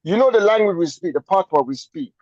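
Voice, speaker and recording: A man's voice: sits high, lively intonation, a little fast, a little mellow, no echo, lo-fi sound. A man with a Jamaican accent, a guest on a talk show, speaking emphatically and repeating phrases for effect. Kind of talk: conversational storytelling on a talk show.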